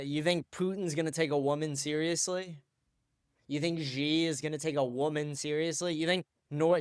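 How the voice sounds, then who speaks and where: A man's voice: fairly high pitch, clean tone, no room sound, studio quality. A man hosting a commentary show, ranting crudely and profanely over clips. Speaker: host.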